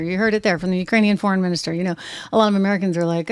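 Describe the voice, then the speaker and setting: A woman with a New Hampshire accent hosting an opinionated political commentary show, talking in an animated, sarcastic way. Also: mid-range voice, fast, clear, resonant tone. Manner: animated, sarcastic, mimics people, laughs often.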